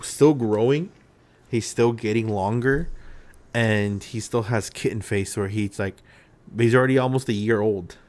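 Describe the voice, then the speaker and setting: A man's voice: mid-range voice, darkish tone. A young man hosting a casual live stream chat, rambling and joking, swearing casually. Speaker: streamer host.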